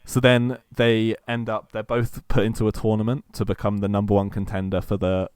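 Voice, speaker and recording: A man's voice: lowish voice, completely flat delivery, fairly quick, a little mellow, smooth, no room sound. A man cohosting a casual podcast chat, eagerly retelling a long story and acting out quotes between many fillers.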